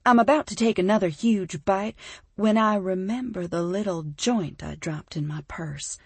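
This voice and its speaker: A woman narrating a first-person romance audiobook, expressive and emphatic in the heroine's lines. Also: lowish voice, breathy edge, no echo.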